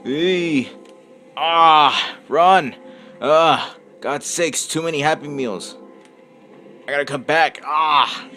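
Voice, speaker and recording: A man's voice: a little high, slow, pauses often, pushed and bright, soft background music. A young man commentating on a horror game he is playing, yelping at scares and muttering to himself in between. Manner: jumpy, yelps and screams at scares, mutters to himself. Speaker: gameplay commentator.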